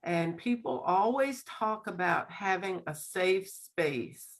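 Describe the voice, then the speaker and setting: A woman's voice: fairly low pitch, animated, takes it slowly. A middle-aged woman on a school board, speaking at an online meeting and heaping emphatic praise on a student.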